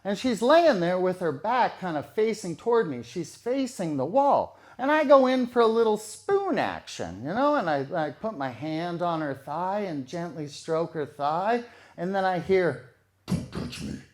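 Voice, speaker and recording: Animated man telling a true story. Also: sits high, a little slow. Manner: casual, conversational, repeats phrases for effect.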